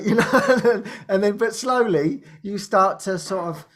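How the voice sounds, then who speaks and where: A man's voice: high voice, lively intonation, measured pace, hardly any pauses. A man hosting a spiritual group talk, often restarting his sentences, laughing and acting out quoted speech. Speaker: host.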